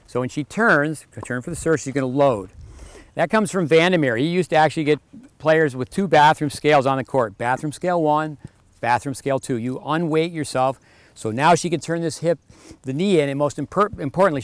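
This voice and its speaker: A man's voice: a little high, no echo. A man giving a tennis lesson on court, instructing a player with short commands and counting out the serve rhythm. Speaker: tennis coach.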